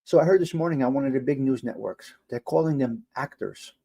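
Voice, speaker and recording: Middle-aged male livestream host, exasperated ranter, loud bursts and quiet mutters. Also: medium pitch, a little fast, creaky, breathy edge. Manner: animated, exasperated ranting with swearing. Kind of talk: casual livestream talk reacting to chat.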